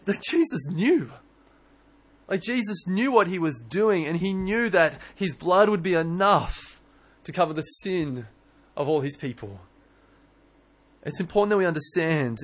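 A young man preaching a sermon in church, earnest and animated, often restarting his words. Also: high-pitched, moderate pace. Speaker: pastor.

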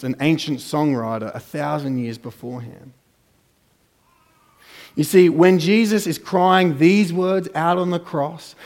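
A pastor gives a sermon in a church hall, his words trailing off in long reverb. He alternates dramatically between soft, low asides and raised, emphatic lines.

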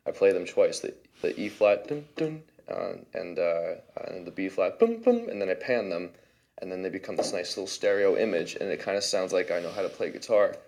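A man's voice: deep voice, animated, a little fast, a little mellow. A man, a musician and producer, casually walking through how he built his song, chatty and loose with lots of fillers. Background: faint playback of his own track.

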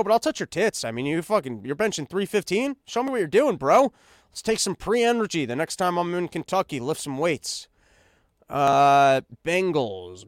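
A man's voice: on the high side, no room sound, studio quality. A man hosting a podcast, ranting casually and sarcastically with lots of swearing and stammered restarts. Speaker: podcast host.

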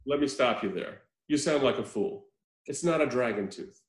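A man on a podcast telling a movie scene in casual chat, animated and joking, mimicking the characters. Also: mid-range voice, moderate pace, echoey room, low-quality recording. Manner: animated storytelling with laughs and mimicked quotes. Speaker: podcast co-host.

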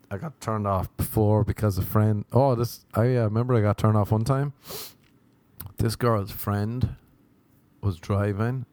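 A man's voice: on the low side, darkish tone, dry recording. A young man, a comedian, rambling through crude, self-mocking stories in a casual solo podcast monologue.

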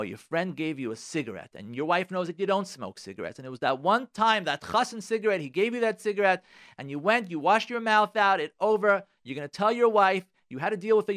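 A man, a rabbi and marriage counselor, talks on the radio in an emphatic style. His voice sits a little high and swings up and down a lot as he repeats himself. The recording is dry, with no room sound. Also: fairly bright tone, dry recording. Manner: emphatic, repeats phrases, sprinkles Yiddish and Hebrew words. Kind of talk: radio advice talk.

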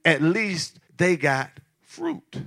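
A man preaching to his congregation with a bright, forceful voice pitched a little high. He talks like he's chatting with the room and jokes with the people in the pews. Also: sing-song, extremely slow. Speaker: pastor. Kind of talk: sermon. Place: church.

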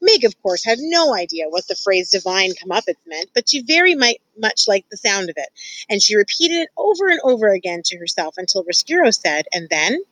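A woman's voice: mid-range voice, very animated, fairly quick, fairly bright tone, no echo, rough recording. A woman teacher reading a novel aloud to students, confiding and addressing the listener directly. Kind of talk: expressive read-aloud storytelling.

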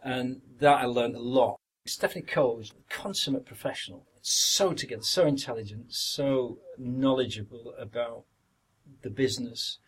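An older man with a Yorkshire accent recalls his acting work in a relaxed interview. His voice is husky and mid-pitched. He rambles, repeats words, and briefly acts out other people's lines. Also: moderate pace, low-quality recording. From Yorkshire, northern England. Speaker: actor, podcast guest. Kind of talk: anecdotal interview reminiscence.

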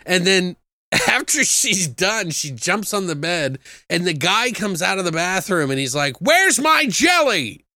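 A man hosting a casual chat, retelling a film with swearing, laughs and quotes acted out in high voices. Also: a little slow, no room sound, clean studio sound. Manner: animated storyteller, swears freely, acts out quotes in high voices. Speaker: podcast host reviewing a film.

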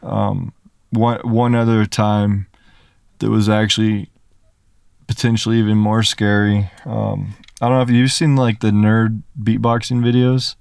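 A young man telling a story as a podcast guest, animated and full of "like" fillers. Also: on the low side, unhurried, creaky, smooth, no echo, clean studio sound. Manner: animated, filler-heavy retelling with lots of "like". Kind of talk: casual storytelling.

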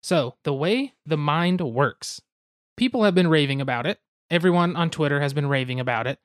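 A man's voice: on the high side, animated, normal speed, no room sound, studio quality. A young man hosting a podcast, explaining a card game step by step with goofy asides and hedges. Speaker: podcast host explaining board games.

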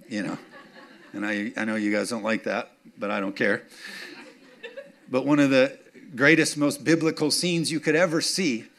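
A male pastor delivering a sermon in a mid-pitched voice. He talks straight to the congregation, checks that they are following, and builds to punchy, emphatic points. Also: vocal fry, a bit bright. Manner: call-and-response, keeps checking in with the congregation; rises to emphatic, punchy declarations.

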